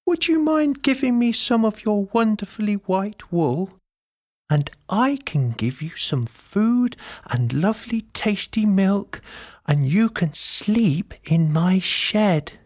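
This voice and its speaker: A man voicing a kindly, generous old woman in a storybook, with a high fluttery voice. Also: expressive, slow, heavily acted. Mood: warm, eager.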